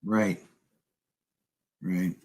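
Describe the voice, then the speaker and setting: A man talking as a guest in a political interview, deliberate and emphatic, lecturing on history. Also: sits low, flat delivery, darkish tone, rough recording. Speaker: guest commentator.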